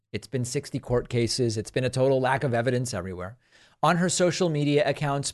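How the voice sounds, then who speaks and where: A man hosting a political talk show, speaking in a mid-range voice. He delivers a pointed commentary monologue, leaning on repeated phrases to drive his points home. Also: medium pitch. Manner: emphatic, repeats phrases for stress.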